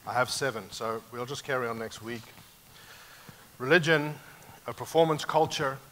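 A man pastor preaching a sermon, emphatic and animated, moving sharply between loud and quiet passages. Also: medium pitch, moderate pace, a little hiss or hum.

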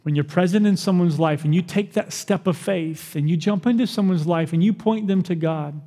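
A man preaching a sermon as pastor, animated, asking the crowd questions and acting out the people he quotes. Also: sits high, normal speed, long reverb tail.

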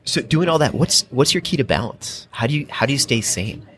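A man in his thirties co-hosting an interview, asking joking questions in a quick, easy manner. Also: medium pitch, animated, a bit bright. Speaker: podcast co-host. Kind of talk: casual interview chat.

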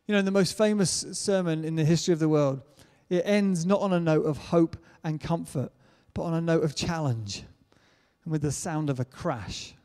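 A man's voice: fairly high pitch, normal speed, a little mellow. A man preaching a sermon in an earnest way, building to emphatic declarations. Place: church hall. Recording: church hall reverb.

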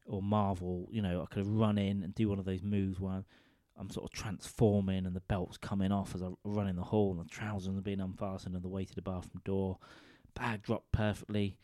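A man with a low, mellow voice tells a vulgar comic anecdote into a studio microphone. He rambles and keeps asking his listeners "right?" as he goes. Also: level tone, a little fast, hardly any pauses, dry recording.

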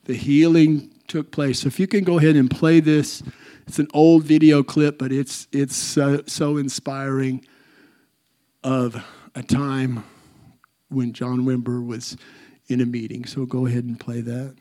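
A man preaching a sermon to his congregation in a soft-spoken, reflective way. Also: mid-range voice, level tone, measured pace. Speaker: pastor.

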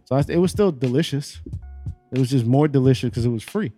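A man's voice: mid-range voice, a little fast, dark tone, faint music behind. A man telling a long, profane story in casual chat among friends.

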